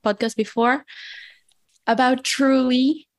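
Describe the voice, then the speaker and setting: Woman, slightly high voice, slow deliberate pace, reflective casual podcast talk. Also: fairly even intonation. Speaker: podcast co-host. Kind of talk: casual chat.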